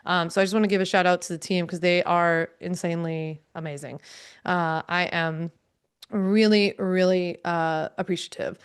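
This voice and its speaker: A woman's voice: fairly low pitch, fairly even intonation, normal speed, clean tone. A woman in her thirties hosting a live online training, chatting casually with viewers, upbeat and full of fillers and small laughs. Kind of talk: casual live-stream chat, answering viewers.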